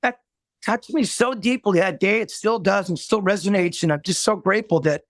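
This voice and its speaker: A man, a musician, telling a moving story in an interview, earnest, halting, with many restarts, choked up near tears. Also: high voice, dry recording. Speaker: musician guest.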